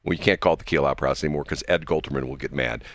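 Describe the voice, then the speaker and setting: A man co-hosting a morning radio show, chatting casually and rambling through animated stories. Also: rumbling low, racing, no room sound, studio quality. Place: radio studio.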